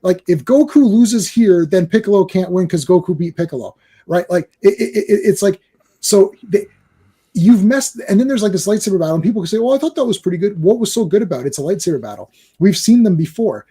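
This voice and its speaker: Mellow rambling male guest. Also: sits high, lively intonation, brisk, breathy edge. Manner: rambling, with many restarts and fillers. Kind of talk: casual chat.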